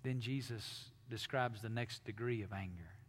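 A man's voice: on the low side, normal speed. Preaching man in a reverberant church. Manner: dynamic preaching, drops to hushed tones then swells loud. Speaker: pastor. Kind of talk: sermon. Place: church sanctuary.

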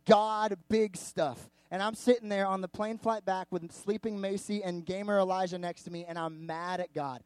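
With a high-sitting voice at normal speed and few pauses, a pastor preaches before a live audience at a church service. He tells stories in a candid, chatty, animated manner, using many asides and saying "like" frequently. The recording is dry.

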